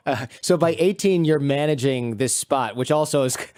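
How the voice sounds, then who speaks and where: A man's voice: on the high side, measured pace, a little mellow, dry recording, studio quality. A man hosting a podcast who asks curious follow-up questions and makes light jokes in a casual way. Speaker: podcast host. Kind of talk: casual interview.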